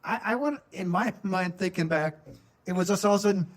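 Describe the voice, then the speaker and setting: A man's voice: high-pitched, fairly quick. A middle-aged man from Minnesota, co-hosting a podcast in a casual chat with an old friend, reflective and asking follow-up questions. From Minnesota, USA. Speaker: podcast co-host.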